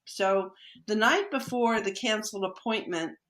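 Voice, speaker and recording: A woman recounting a personal experience in a middle-pitched voice, speaking casually and slipping into the voices of the people she quotes. The sound is roomy, with noticeable echo around her. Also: unhurried. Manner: lively storyteller who acts out quoted dialogue. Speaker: podcast guest, energy healer. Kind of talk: personal storytelling in conversation. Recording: echoey room.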